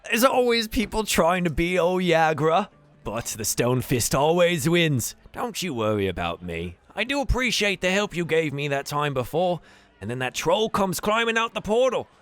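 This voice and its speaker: A man's voice: on the high side, very animated, normal speed, fairly bright tone, pitched above the performer's own voice. A man voicing a boastful woman who arm-wrestles at a tavern bar, brash and confident.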